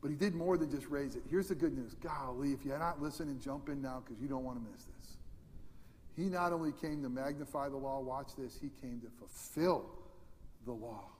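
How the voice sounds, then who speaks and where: A male pastor preaching a sermon, swinging between loud emphatic peaks and hushed, almost whispered lines. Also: mid-range voice, normal speed, big-room sound, slight background noise.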